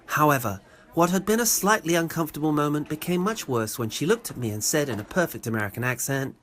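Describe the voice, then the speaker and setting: A man's voice: a little high, lively intonation, fast, fairly bright tone. A man with an English accent narrating a comic personal story in a wry, sarcastic way. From England.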